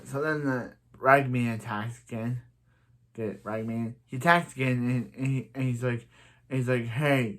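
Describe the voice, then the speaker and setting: Rambling man recapping a TV episode. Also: fairly bright tone. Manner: rambling, many restarts, quotes characters in a higher voice. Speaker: show reviewer.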